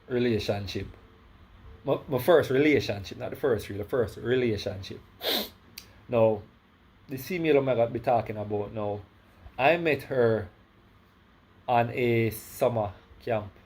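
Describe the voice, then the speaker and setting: A man's voice: medium pitch, measured pace, pauses often, a little mellow, breathy edge. A Jamaican man with a slight lisp tells a personal story in a casual vlog. He rambles, corrects himself and keeps adding "right?". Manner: rambling, self-correcting, many "right?" tags. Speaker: vlogger.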